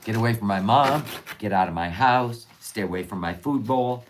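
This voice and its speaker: A woman's voice: extremely low pitch, normal speed, slight background noise. A woman voicing her jealous old male chihuahua, who barks out bossy, territorial orders.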